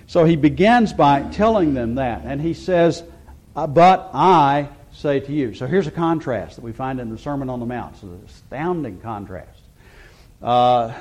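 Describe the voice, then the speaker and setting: A man's voice: fairly high pitch, a little mellow. A man preaching a sermon, explaining scripture verse by verse with emphatic quotes and frequent restarts. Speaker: pastor.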